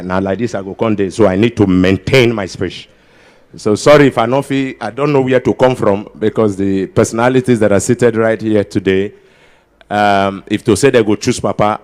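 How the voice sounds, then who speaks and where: A man's voice: lowish voice, darkish tone. A man with a Nigerian Pidgin-inflected accent doing live stand-up banter as a comedian emcee at a ceremony, coaxing the crowd to applaud. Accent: Nigerian Pidgin-inflected English. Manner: jokey, switching into Pidgin, drawing applause.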